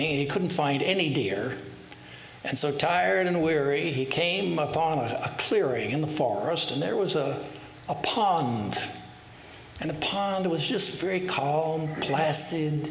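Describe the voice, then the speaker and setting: A monk delivers a sermon, slowly spinning out parables and posing rhetorical questions to his listeners. His voice sits a bit high for a man. The recording is roomy, with a faint hiss beneath it. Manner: unhurried, rhetorical questions, storytelling. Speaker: swami giving a talk. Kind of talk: sermon with storytelling.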